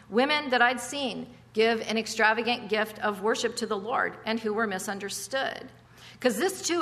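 A woman's voice: fairly high pitch, fairly bright tone, big-room sound. A woman preaching a conversational sermon, emphatic, with chatty asides and rhetorical questions.

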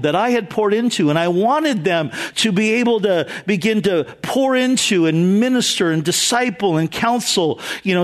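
Middle-aged guy preaching, high voice, chatty earnest storytelling. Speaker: pastor. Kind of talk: sermon.

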